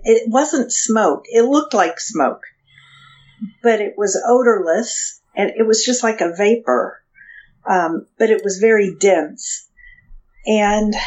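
A woman being interviewed as a guest, telling a personal story in a halting way with frequent restarts. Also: a little high, a little mellow. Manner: hesitant, halting with restarts and fillers. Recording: dull lo-fi sound.

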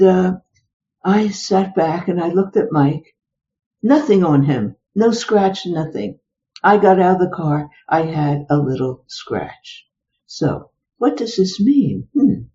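Older woman, interview guest, lively storytelling, rhetorical questions, warm tone, muffled lo-fi sound. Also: lowish voice. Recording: dull lo-fi recording.

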